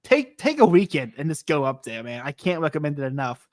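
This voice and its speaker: A man who hosts a podcast, telling stories in a casual, excitable and rambling way, often restarting his sentences. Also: a little high, brisk, dry recording, studio quality. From United States. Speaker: podcast host. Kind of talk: casual storytelling chat.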